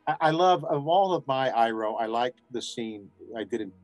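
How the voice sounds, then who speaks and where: A man's voice: medium pitch, normal speed, faint music behind. A man, a voice actor guest on an interview, telling stories casually and acting out what people said. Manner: animated storyteller acting out quotes.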